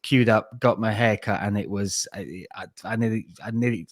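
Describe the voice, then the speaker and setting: A man's voice: fairly low pitch, fairly even intonation, moderate pace, no echo, clean studio sound. A man joking and laughing as a guest on a video-call podcast chat from a small home office. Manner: laughing, self-mocking banter. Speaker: podcast guest, MMA presenter. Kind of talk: casual chat.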